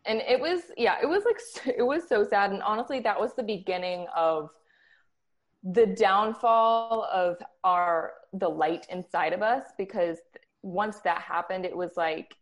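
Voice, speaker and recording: A woman's voice: mid-range voice, measured pace. Chatty young woman telling her story. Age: young adult. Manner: chatty, animated, with frequent "like" and laughs. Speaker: guest, former Christian band member. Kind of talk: casual interview storytelling.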